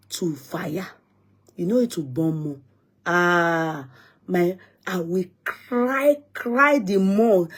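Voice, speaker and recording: A young woman with a Nigerian accent tells a family story in easy, casual vlog talk. Her voice is husky and a little breathy. She laughs often and slides between English and Yoruba. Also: lowish voice, a little mellow. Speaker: vlogger.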